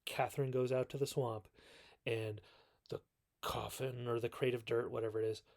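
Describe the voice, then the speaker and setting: A man's voice: mid-range voice, level tone, normal speed, creaky, darkish tone. A man hosting a casual movie recap video, rambling and correcting himself as he goes. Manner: rambling, self-correcting, quotes characters in mock voices. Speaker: video host reviewing classic films.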